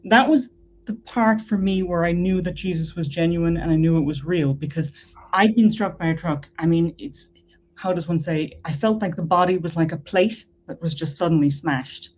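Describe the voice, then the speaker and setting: Earnest Irish-born woman, low voice. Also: normal speed, darkish tone, slight background noise. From Ireland. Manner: earnest, emphatic repetitions. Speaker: guest. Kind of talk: telling a personal faith story.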